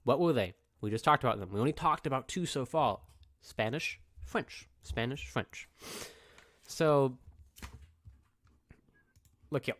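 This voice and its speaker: A man's voice: mid-range voice, expressive, unhurried, pauses often, fairly bright tone. Casual young male teacher. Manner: casual, repeats points and checks in with "okay?". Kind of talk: recorded classroom review lecture.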